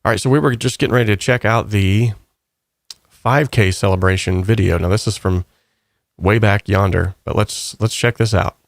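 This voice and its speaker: Gravelly, rambling male livestream host. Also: fairly low pitch, normal speed, no room sound, studio quality. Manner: rambling, relaxed, upbeat. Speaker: channel host. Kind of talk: casual livestream chat reading comments.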